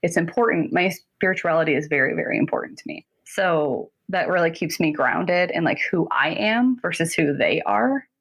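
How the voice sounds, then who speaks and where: Chatty laughing woman, lowish voice. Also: expressive, gravelly. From North Carolina, US. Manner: chatty, quick, laughs often, filler "like". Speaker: guest therapist. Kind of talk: casual interview talk.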